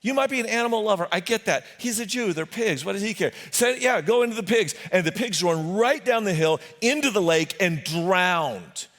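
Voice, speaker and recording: A man preaching a sermon as a pastor, telling the story in an animated way with jokes and voices for the characters. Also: high voice, normal speed, few pauses. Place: church sanctuary. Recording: long hall reverb.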